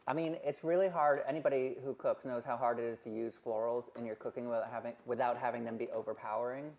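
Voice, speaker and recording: A man's voice: mid-range voice, fairly even intonation, quick pace, darkish tone, muffled recording. A man co-hosting a live shopping stream, bantering playfully and cracking jokes. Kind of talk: casual live-stream chat.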